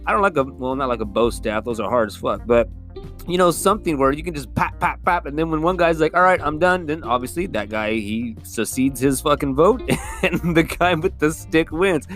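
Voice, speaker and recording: A man's voice: fairly high pitch, lively intonation, normal speed, a bit bright. A man hosts his own podcast and rants about politics in a loose, profane, rambling style. He gets heated and swears freely, with a guitar playing faintly in the background. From California. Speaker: podcast host. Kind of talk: casual political rant. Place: California.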